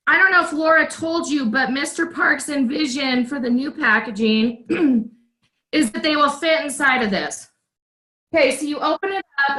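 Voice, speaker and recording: A woman with a high, bright voice chats on a casual livestream, showing a product to her sales team. She takes her time and drops in excited asides as she demonstrates. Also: poor audio.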